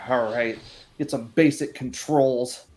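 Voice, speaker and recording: A man's voice: medium pitch, steady tone, slow, a little mellow. A man playing a tabletop sci-fi game, describing his character's actions casually and swearing now and then. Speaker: player.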